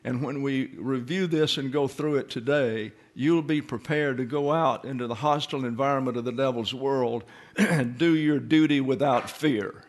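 A man's voice: medium pitch, normal speed. Methodical male pastor teaching scripture. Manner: methodical, lecturing, stresses key words, clears throat often. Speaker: pastor teaching Bible study. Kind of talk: expository sermon.

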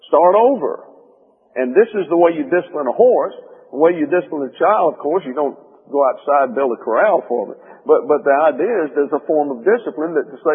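A man giving a slow, deliberate sermon. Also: fairly high pitch, expressive, husky. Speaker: preacher. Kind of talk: sermon teaching. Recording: tinny phone-line sound in long reverb.

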